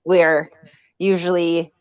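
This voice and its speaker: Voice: medium pitch, little pitch movement, slow, clean tone, highs cut off. A guest from Massachusetts, answering in a short, matter-of-fact way during a casual podcast chat.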